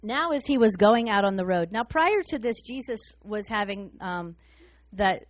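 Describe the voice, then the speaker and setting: A woman preaching a sermon in a fast, excited, humorous way. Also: mid-range voice, no echo.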